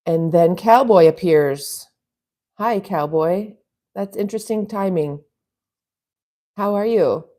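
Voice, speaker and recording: Brief: chatty stream host, woman, rambling and relaxed, low warm tone. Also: slow, long pauses. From US West Coast. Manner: rambling, chatty, laughs often. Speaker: livestream host reading chat. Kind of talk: casual live chat.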